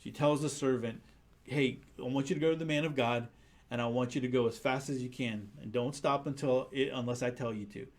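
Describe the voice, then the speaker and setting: A man's voice: mid-range voice, steady tone, fairly quick. A man preaching a conversational sermon, earnest and full of restarts. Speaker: pastor.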